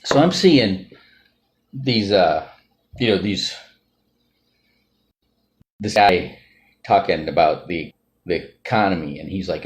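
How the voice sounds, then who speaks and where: A man's voice: deep voice, lively intonation, takes it slowly, long pauses. A man talking off the cuff in a rambling monologue, often ending sentences with "right?" or "all right?". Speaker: financial group member sharing views. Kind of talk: casual unscripted monologue.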